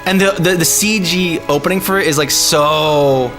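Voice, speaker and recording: A man's voice: on the high side, moderate pace. A man streaming live and chatting casually, laughing often and calling people man and dude. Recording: faint music behind.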